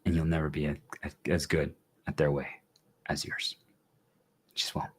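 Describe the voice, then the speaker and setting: A man's voice: rumbling low, flat delivery, moderate pace, slightly rough. A man talking casually and earnestly to his viewers, rambling and often asking whether they understand. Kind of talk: casual monologue to an audience.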